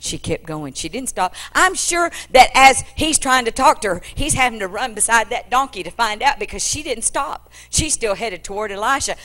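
A woman evangelist preaching a dramatic storytelling sermon in an animated, conversational way. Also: fairly high pitch, moderate pace, hardly any pauses. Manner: animated, conversational, acts out scenes.

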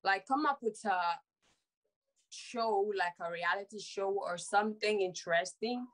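A woman's voice: mid-range voice, unhurried, fairly bright tone, rough recording. A young woman from Sierra Leone answering audition interview questions hesitantly, with many fillers. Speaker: reality show applicant.

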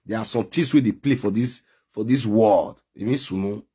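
A man with a Nigerian Pidgin accent hosting a live stream, loudly calling out to his viewers. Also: fairly low pitch, normal speed, husky. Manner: calls out loudly to viewers, animated.

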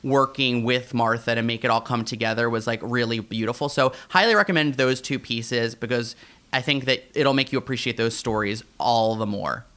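A man co-hosting a podcast, riffing in an animated way with many fillers. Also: mid-range voice, normal speed. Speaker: podcast co-host. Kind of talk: casual podcast chat.

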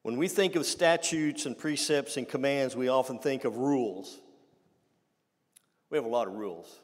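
A man preaching a conversational sermon, with frequent restarts and asides to the congregation. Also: medium pitch. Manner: conversational, halting with many restarts. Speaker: pastor. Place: church sanctuary. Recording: long reverb of a church hall.

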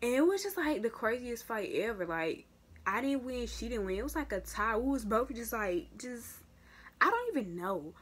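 A young woman vlogger telling a casual story to her viewers, slangy and animated, with big jumps in pitch and loudness. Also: normal speed, slight background noise. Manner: addresses viewers as y'all. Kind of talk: casual story time vlog.

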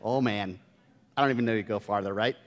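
A male pastor preaching a sermon in a church, playful and lively, quizzing his congregation. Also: on the low side, quick pace. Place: church sanctuary. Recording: long reverb of a church hall.

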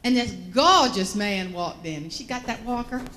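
A woman with a Southern American accent giving a humorous keynote, telling stories in an animated, folksy way. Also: a little high, moderate pace, slight background noise. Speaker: motivational speaker.

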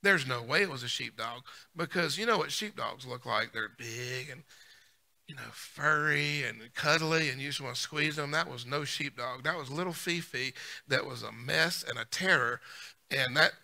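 A man pastor preaching a sermon, emphatic, repeating key lines and swinging between loud punches and soft asides. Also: fairly high pitch, normal speed, creaky.

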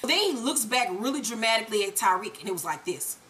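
A woman hosting a casual TV episode recap, telling the story with profanity and acting out the characters' lines in an animated way. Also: on the high side, quick pace, faint music behind. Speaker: show recap host.

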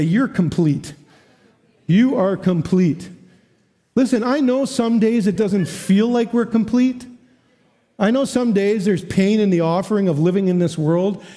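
A man preaching as a guest speaker at a church, telling a story with lively quoted voices and frequent laughs. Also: sits high. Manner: animated, acts out quoted voices, laughs often. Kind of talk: storytelling sermon.

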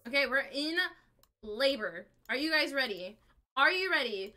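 A young adult woman streaming a game live, chatting with viewers and reacting aloud in an excitable, chatty way. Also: high voice, moderate pace, soft background music.

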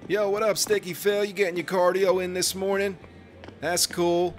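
A man's voice: high-pitched, level tone, normal speed. Profane, joking male game commentator. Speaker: gaming commentator. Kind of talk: let's play commentary. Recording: music playing behind.

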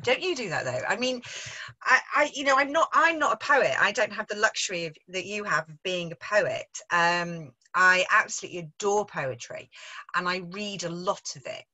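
Chatty bright-voiced English Midlands woman. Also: mid-range voice, lively intonation, moderate pace, low-quality recording. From England. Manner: chatty, self-deprecating, restarts often, laughs easily. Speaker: author in conversation. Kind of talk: casual literary discussion.

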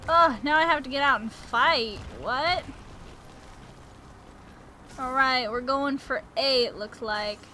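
A woman's voice: high-pitched, takes it slowly, pauses often, a little hiss or hum. A woman hosting a gaming channel, giving casual, jokey play-by-play commentary and yelping whenever she is in danger. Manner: excitable, jokey, yelps when in danger.

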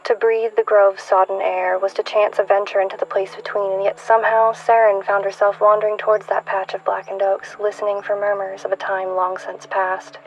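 Twenties woman reading her own story, low-key and hushed, flat with a gravelly creak. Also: highs cut off. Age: 20s. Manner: measured, hushed, dropping to whispers. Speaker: author.

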